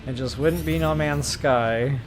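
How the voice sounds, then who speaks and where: A man talking to his viewers in a relaxed, chatty way while he plays a game live. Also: medium pitch, a little slow, soft background music. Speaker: game streamer. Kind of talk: live gameplay commentary.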